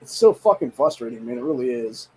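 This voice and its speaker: A man's voice: medium pitch, animated, brisk, warm tone, breathy edge, rough recording. A young man from Ohio hosting a political podcast, reading headlines aloud and reacting with heated, profane rants. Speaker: podcast host. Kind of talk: casual political commentary.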